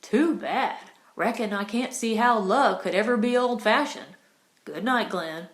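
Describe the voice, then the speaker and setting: A woman's voice: fairly high pitch, unhurried, natural voice. A woman reading an audiobook, voicing a sweet, bold young ranch girl who talks in a cool, sweet drawl, in a roomy recording. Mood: teasing. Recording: roomy echo.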